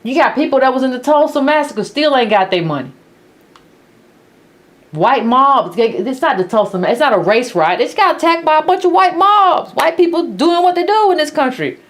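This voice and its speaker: A woman hosting a commentary show, blunt and biting in her sarcasm. Her voice sits somewhat high and swings through a wide, lively range. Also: moderate pace. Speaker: host of a political commentary channel. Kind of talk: opinionated commentary monologue.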